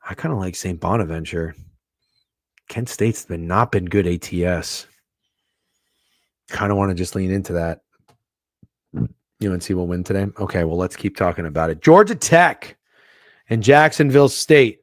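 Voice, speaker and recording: Man, lowish voice, betting show host, casual and profane, dry close sound. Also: steady tone, moderate pace, long pauses, dry recording. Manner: swears freely, muses aloud, swings from hushed to loud. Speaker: sports betting podcast host.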